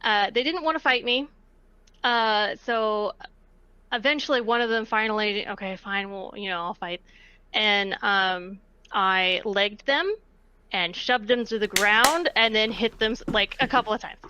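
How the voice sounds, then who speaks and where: A woman chats casually on a podcast, her voice crisp and smooth. She hesitates a lot with fillers. The sound is dry and close, with no room. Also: on the high side, a little slow, pushed and bright, no room sound, highs cut off. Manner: chatty, hesitant with many fillers. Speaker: podcast guest. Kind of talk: casual chat, storytelling.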